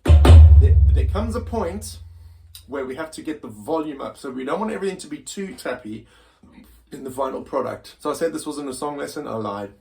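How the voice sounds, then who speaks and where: A man's voice: on the high side, animated, normal speed, gravelly. A man teaching a casual drum lesson, loose and self-deprecating, often restarting his sentences. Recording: loud drums and music behind the voice. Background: drum kit being played.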